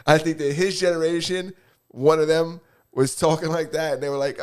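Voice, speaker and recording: A young man from New York co-hosting a podcast, talking in a casual, animated, rambling way with lots of restarts. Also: a little high, normal speed, clean tone. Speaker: podcast co-host. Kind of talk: casual chat.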